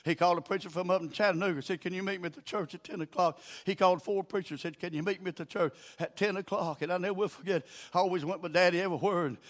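An older man with a Southern US accent preaching a sermon in a folksy storytelling way, dropping low and quiet, then rising to shouts. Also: steady tone, very fast, hardly any pauses.

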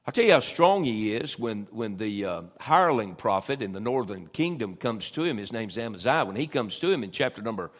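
A man preaching a sermon in a church, swelling loud and dropping soft. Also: fairly low pitch, big pitch swings, fairly quick, hardly any pauses. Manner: folksy Southern preaching, swells loud then drops soft. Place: church sanctuary.

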